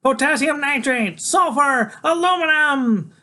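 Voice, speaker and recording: A man voicing an excitable, brainy small teenage boy who shouts in a high voice. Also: a little slow, exaggerated voice. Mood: shouting excitedly.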